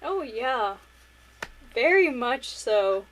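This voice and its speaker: A woman with a slightly raised pitch talks easily about books, mostly in short, relaxed replies with the odd mild swear word. A faint hiss of noise sits behind her voice. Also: drawn-out words, low-quality recording. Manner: laid-back, short reactions, mild swearing. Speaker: book club podcast co-host. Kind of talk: casual chat.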